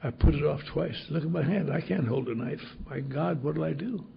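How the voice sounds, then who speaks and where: A man's voice: a little high, fairly quick, creaky, slightly rough, lo-fi sound, full character voice. An old man acting out an earnest alcoholic doctor. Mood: panicked. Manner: earnest, emotional. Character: anguished then elated alcoholic male doctor.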